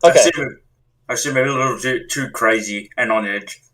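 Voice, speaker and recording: A man playing a tabletop game, blunt and deadpan with crude jokes. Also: medium pitch, normal speed, poor audio. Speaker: player. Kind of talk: casual tabletop role-play.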